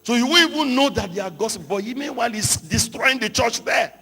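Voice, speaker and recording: A man preaching a sermon to pastors, telling stories and rising into shouted emphasis. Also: very high-pitched, lively intonation, fairly quick. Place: large hall. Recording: hall reverb, from a distance.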